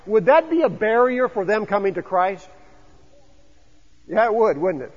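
A man's voice: high voice, expressive, moderate pace, breathy edge. A man preaching a conversational sermon to his congregation, often asking them questions. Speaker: pastor. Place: church sanctuary. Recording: dull lo-fi sound with long church reverb.

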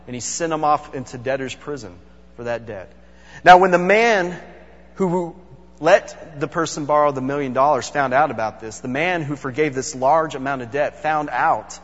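A man's voice: on the high side, moderate pace, fairly bright tone. A man preaching a sermon as a pastor, earnest and emphatic, addressing his congregation directly. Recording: echoey hall, dull sound.

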